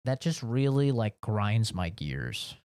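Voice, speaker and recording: A man's voice: fairly low pitch, very animated, slow pace, darkish tone, dry recording. Rambling, profane male streamer ranting. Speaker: game streamer. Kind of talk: casual chat while streaming. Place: home office.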